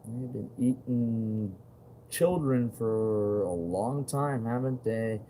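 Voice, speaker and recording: A man's voice: mid-range voice, slow, warm tone, a little hiss or hum. A man talking straight to his viewers in a rambling monologue, agitated and profane, full of fillers and repeated questions.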